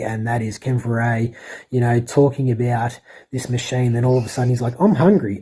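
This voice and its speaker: A man's voice: medium pitch, mellow, husky, low-quality recording. A man rambling through a casual, profane film review as a podcast co-host. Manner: rambling, sweary, enthusiastic.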